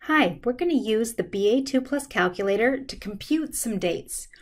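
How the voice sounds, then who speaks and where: A woman teaching a math lesson, working through problems in a steady, step-by-step way at a desk microphone. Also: on the high side, moderate pace. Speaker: math instructor.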